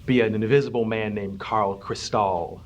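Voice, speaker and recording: A man's voice: on the low side, dull audio, slight background noise. A man from Cleveland giving wry, joking interview answers. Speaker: voice actor interviewee.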